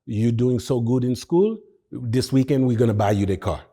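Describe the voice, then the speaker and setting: A man voicing a soft-spoken Caribbean mother who is tender but firm, calling her son "baby" in a coaxing tone. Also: medium pitch, normal speed, lightly acted. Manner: gentle, coaxing, calls him baby.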